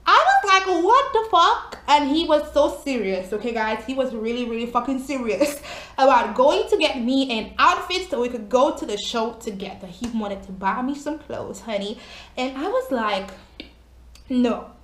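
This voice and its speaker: Young woman telling a story, lively and chatty, kinda high voice, echoey room. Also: normal speed, a little hiss or hum. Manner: animated, exclamatory, chatty, curses casually. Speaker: vlogger. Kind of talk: casual storytime.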